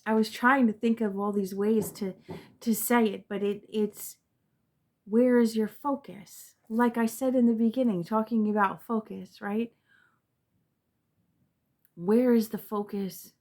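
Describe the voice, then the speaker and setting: A woman giving a spiritual tarot reading to her viewers, reflective and earnest, often repeating words and trailing off softly. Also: a little high, fairly even intonation, unhurried, pauses often. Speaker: tarot reader.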